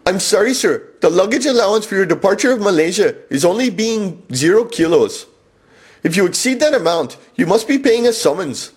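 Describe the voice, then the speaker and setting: A man's voice: high voice, sing-song, a little fast, breathy edge, voice pushed up, heavily acted. A man voicing a male airline check-in clerk who is formally polite and speaks broken English. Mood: officious.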